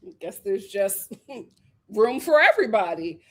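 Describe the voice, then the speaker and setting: A woman's voice: mid-range voice, measured pace. A woman hosting a casual, sassy recap of a reality show, talking animatedly. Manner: animated, sassy, sings and riffs.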